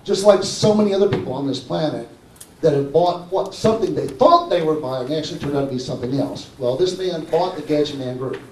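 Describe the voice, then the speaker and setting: A fairly high-voiced man speaks to a conference crowd with a warm, mellow tone and a persuasive pitch. He keeps checking in with the audience. The sound is roomy and distant, as if caught from across a hall. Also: expressive, brisk, slight background noise. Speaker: conference presenter. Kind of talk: live conference talk.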